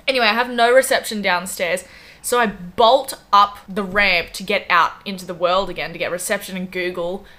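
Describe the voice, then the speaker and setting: An Australian woman in her twenties tells a story on her podcast with lively, quoted asides and a steady stream of "like". Her voice is bright and clear at a middle pitch. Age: 20s. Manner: animated, fast anecdotes full of "like" and acted-out quotes. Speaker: podcast co-host. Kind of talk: casual storytelling chat.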